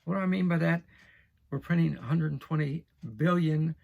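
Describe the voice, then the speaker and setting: A man's voice: on the high side, steady tone, moderate pace, creaky, narrow, tinny audio. A man in his sixties from the United States hosting his own show, talking folksily with frequent restarts and repetitions. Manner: folksy, repeats himself, frequent restarts and fillers. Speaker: show host. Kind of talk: casual direct-to-camera talk.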